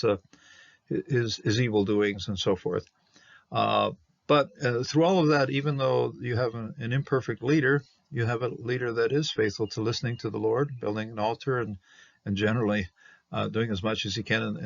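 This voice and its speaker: A man explaining a Hebrew Bible manuscript, halting with many fillers and restarts as he reads words slowly. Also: lowish voice, no room sound. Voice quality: gravelly and husky. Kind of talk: unscripted explanatory study talk. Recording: dull lo-fi dry recording.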